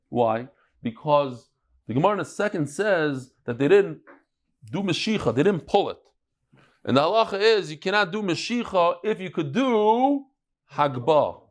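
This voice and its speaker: A middle-aged man teaching a Talmud class, telling stories and bantering with his students. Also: sits high.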